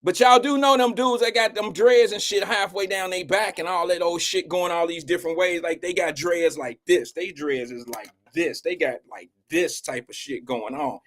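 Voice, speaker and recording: A man's voice: sits high, moderate pace, hardly any pauses, fairly bright tone. A middle-aged man hosting a live show, telling a rambling, slangy and emotional story in casual talk.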